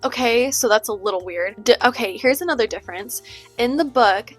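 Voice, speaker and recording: Chatty woman vlogger, higher voice, rambling with lots of fillers, faint music underneath. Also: brisk, slightly rough. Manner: chatty, many fillers and rhetorical "okay?". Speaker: book vlogger. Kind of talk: casual chat.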